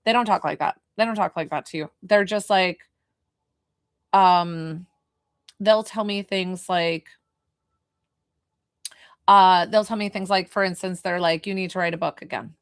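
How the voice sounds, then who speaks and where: A woman's voice: medium pitch, a little slow, long pauses, clear, resonant tone, no room sound. Chatty woman on a dry livestream. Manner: chatty, animated, answers viewers' questions. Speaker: medium doing live readings. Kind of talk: casual livestream chat.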